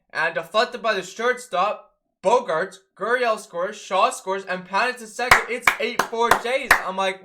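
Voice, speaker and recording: Excitable man with a bright voice recapping games. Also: sits high, a little hiss or hum. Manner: excitable, chatty fan, addresses viewers as guys. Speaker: fan recapping baseball games. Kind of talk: casual game recap vlog.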